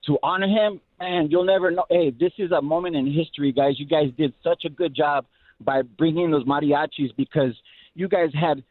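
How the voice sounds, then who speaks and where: A middle-aged Los Angeles man phones in to a radio show, his fairly high voice coming through the phone line with no echo. Speaking at a moderate pace, he's heartfelt and emotional, rambling and repeating himself.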